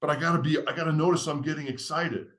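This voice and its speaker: Guesting on a podcast, a fast-talking man with a slightly high voice presents a step-by-step framework. He comes across as earnest, teacherly, structured and steady, much like a seasoned author explaining ideas conversationally.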